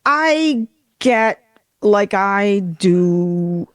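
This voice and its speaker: A woman from western New York hosting a podcast in casual chat, animated and slipping into voices as she tells stories. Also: mid-range voice, drawn-out words, no echo, studio quality. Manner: animated, slips into voices when telling stories. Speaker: podcast host.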